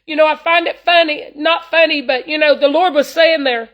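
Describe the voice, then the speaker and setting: High-voiced woman preaching earnestly. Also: fairly even intonation, normal speed, muffled recording. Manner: earnest, folksy, full of "you know". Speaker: traveling evangelist. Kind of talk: informal preaching to online viewers.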